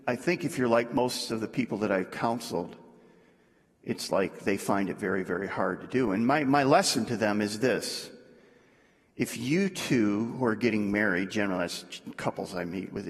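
A man preaching a sermon in a conversational way, dropping low and soft to make his points. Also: normal speed. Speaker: pastor. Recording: echoey hall.

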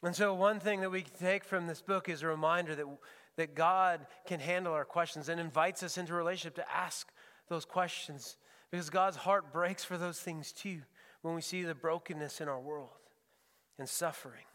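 Pastor guy, high clear voice, earnest, repeats himself a lot, long church reverb. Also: steady tone, moderate pace, pushed and bright. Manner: earnest, repeats words while searching for phrasing. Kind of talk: sermon. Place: church sanctuary.

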